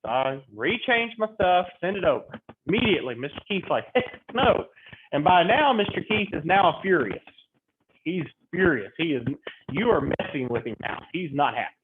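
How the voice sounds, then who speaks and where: A man lecturing a real estate class, acting out clients and agents in quick animated stories. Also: a little high. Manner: animated storytelling, role-playing clients in quotes. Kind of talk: classroom lecture with acted-out examples. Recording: tinny phone-like audio with faint noise.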